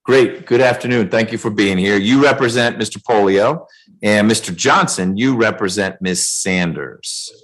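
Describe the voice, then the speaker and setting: Low-voiced judge running a hearing. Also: male voice, moderate pace, rough recording. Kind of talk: remote court calendar hearing. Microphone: video call.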